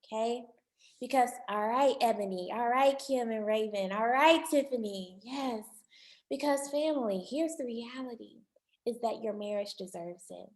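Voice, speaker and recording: A woman marriage counselor giving an online workshop talk, animated and repeating words for emphasis, calling her listeners family. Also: a little high, normal speed, echoey room.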